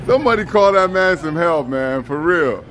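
A man livestreaming outdoors on a city street, bantering loudly, laughing and swearing into a handheld phone. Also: on the high side, expressive, moderate pace, slight background noise. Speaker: IRL livestreamer. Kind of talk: casual street banter on a live stream.

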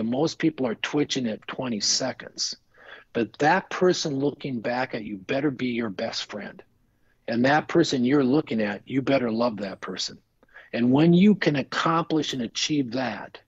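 Husky-voiced man telling rambling stories. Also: medium pitch, dry recording, muffled recording. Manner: earnest, rambling, frequent restarts and "you know". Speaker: entrepreneur podcast guest. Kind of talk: casual storytelling interview.

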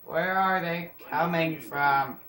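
A man giving live gameplay commentary, chatting to himself, getting frustrated and yelling out sudden bursts. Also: a little high, slow. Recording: distant mic, roomy echo, loud background noise.

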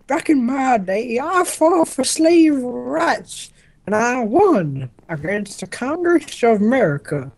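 A man putting on a hammy, high-pitched old president voice as a joke while playing a game with friends. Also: big pitch swings, slow pace, exaggerated voice. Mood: boastful. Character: old male president boasting in a tall tale. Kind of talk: joking impression while gaming.

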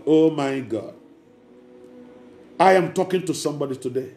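A man's voice: medium pitch, warm tone, echoey room. A man, preaching a sermon as pastor, emphatic and repetitive, speaking straight to the congregation.

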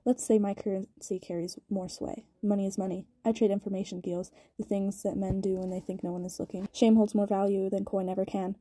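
A woman voicing a cold, calculating young male gang leader in a storybook reading, calm, dry and taunting. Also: medium pitch, brisk, few pauses, dry recording, lightly acted. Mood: cool.

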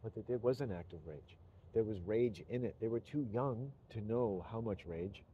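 A man's voice: lowish voice, lively intonation, moderate pace, dull audio, a little hiss or hum. A middle-aged man giving an earnest, rambling personal monologue to his channel, swearing when stirred. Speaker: YouTuber.

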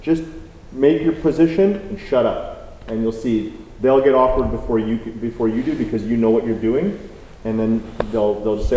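A man's voice: medium pitch, normal speed, mellow, a little hiss or hum. A man hosting a live talk, speaking casually with many fillers. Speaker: host, moderator. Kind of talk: conversational moderating. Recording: roomy hall with faint ambience.

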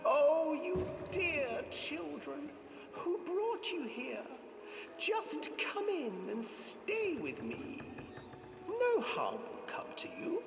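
Guy putting on a shrill old witch, wheedling sing-song, sounds far off in a big echoey hall, spooky music behind. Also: big pitch swings, slow, creaky, noisy background, full character voice. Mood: coaxing. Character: cackling old female witch luring children. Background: eerie music.

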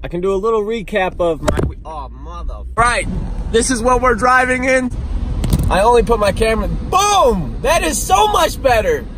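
A man's voice: high-pitched, very animated, moderate pace. A young man with a stuffed-up nose from allergies, rambling and joking in a casual vlog while driving. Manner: rambling, joking, self-mocking. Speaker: vlogger. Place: inside a car. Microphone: phone propped on the dashboard. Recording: noisy car interior, road noise.

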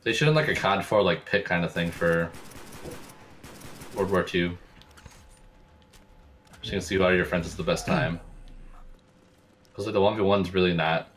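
A young man with a Southern American accent and a deep, soothing voice, chatting calmly with friends while gaming. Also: slight background noise. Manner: calm, slow drawl. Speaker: streamer. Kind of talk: casual gameplay chat with friends.

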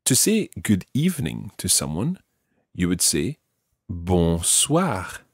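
A Scottish man teaches a podcast language lesson, slowing down to model each word with patient care. His voice sits low and a little husky. The recording is dry and close, with no room sound. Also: wildly swooping pitch, no echo. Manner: patient, slow, careful modelling of pronunciation. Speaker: French teacher.

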